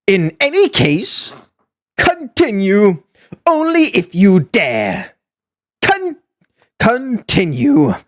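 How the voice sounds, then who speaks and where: A woman voicing a loud, pompous, excitable male skeleton with flamboyant, theatrical delivery. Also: medium pitch, full character voice. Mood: grandiose. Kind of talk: voice acting audition takes.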